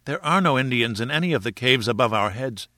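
A man's voice: mid-range voice, animated, a little fast, bright, forceful tone, no echo, clean studio sound. A man voicing an earnest young adventurer who cries out his ideas eagerly.

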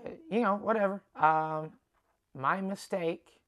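A man's voice: high voice, slow, a bit bright. Profane rambling male comedian. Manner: profane, rambling, many restarts. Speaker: stand-up comedian. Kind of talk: casual rambling monologue.

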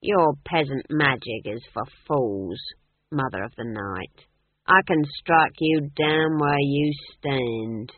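A narrator voicing an arrogant male army captain who speaks slowly and commandingly, in an audiobook. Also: mid-range voice, no room sound, phone-quality sound. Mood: menacing. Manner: slow, commanding.

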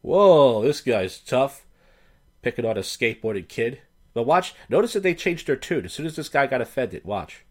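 A man's voice: mid-range voice, sing-song, moderate pace. A man hosting a casual commentary show on viral clips, talking in a blunt, profane, sardonic way. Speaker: host.

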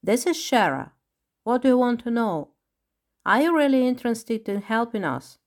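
A woman's voice: on the high side, lively intonation, moderate pace, voice pushed up, natural voice. Woman doing a serious turbaned lion. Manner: serious, portentous.

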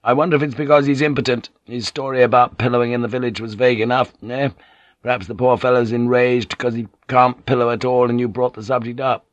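A man's voice: medium pitch, level tone, fast, dry recording, highs cut off, lightly acted. Man voicing an anxious brusque samurai officer. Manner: brusque, commanding. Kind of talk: audiobook character reading.

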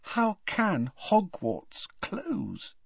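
A man voicing an earnest, worried teenage girl, raising his pitch and speaking softly. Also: huge pitch swings, drawn-out words, gravelly, slightly rough, no room sound, heavily acted. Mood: sad. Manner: soft, pleading, raised pitch. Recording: slightly dull, dry audiobook recording.

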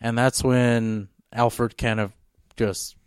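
A man's voice: medium pitch, little pitch movement, slow pace, smooth, dry recording, studio quality. A man co-hosting a podcast, telling a long story in a rambling, casual way. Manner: rambling, full of fillers and restarts. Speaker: podcast co-host.

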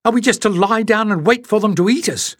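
A man reading an audiobook voices a fierce, quick-tempered young girl in a raised, sharp voice. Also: very animated, breathy edge, no room sound, studio quality, full character voice. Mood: furious. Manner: sharp, urgent, raised-pitch voice.

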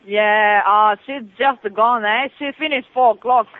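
A woman with a Japanese accent answering a tavern phone. She speaks in halting English, often asks callers to repeat themselves, and turns curt. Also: on the high side. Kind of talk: phone call. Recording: tinny phone line.

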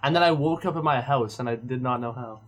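A man co-hosting a podcast talks bluntly and swears freely as he chats. He laughs loudly at his partner's stories. His voice sits in an ordinary middle pitch. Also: fast. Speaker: podcast co-host. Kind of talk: casual chat.

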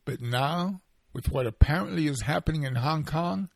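A man with a gravelly, fry-laden voice delivers a scripted opinion segment at a measured, deliberate pace. His pitch sits a little high for a man. The sound is dry and close to the mic. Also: dry recording. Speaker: commentary segment presenter.

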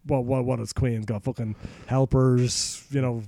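A man with an Irish accent rambles through a fairy tale on a podcast, swearing freely and joking as he goes. His voice is mellow and dark. The sound is dry and close. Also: medium pitch, level tone, a little slow, gravelly, no room sound. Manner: crude, sweary, rambling retelling. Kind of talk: casual comic storytelling.

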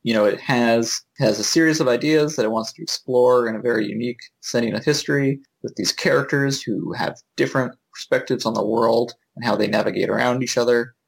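A man discussing a film on a podcast in a measured, articulate way. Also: mid-range voice, creaky, husky, rough recording. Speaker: podcast co-host. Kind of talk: casual film review chat.

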